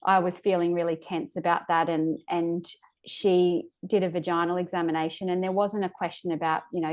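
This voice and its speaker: A woman speaks as a podcast guest, telling her own birth story. Her voice sits low and stays fairly flat. She pauses and restarts often as she searches for words, and she sounds emotional, close to tears at times. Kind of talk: recounting a personal birth story.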